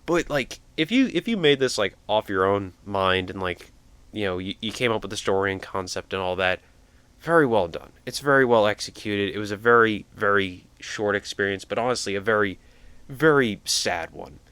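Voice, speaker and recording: A man's voice: on the low side, expressive, moderate pace, fairly bright tone, clean tone, dry recording. Tearful, rambling man commentating a game. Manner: emotional, rambling, jokey asides. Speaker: gamer. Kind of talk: let's-play commentary.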